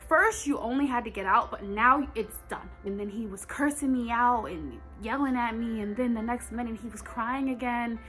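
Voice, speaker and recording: Young woman doing a storytime vlog, kinda high voice, faint music under it, talks right to the viewers. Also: moderate pace, few pauses, bright, forceful tone. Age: young adult. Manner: emphatic, talks straight to viewers. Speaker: vlogger telling a personal story.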